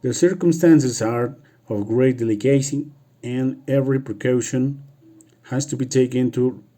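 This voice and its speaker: Non-native male reader, Spanish first language; slow, very mellow tone; halting practice read with restarts. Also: medium pitch. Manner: halting, restarts and repeats words. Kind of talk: reading a novel aloud for practice.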